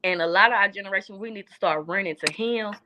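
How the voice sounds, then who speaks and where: Against a noisy background, a young woman with a mid-range voice talks fast. She's a guest chatting casually, speaking sincerely from the heart and repeating phrases for emphasis.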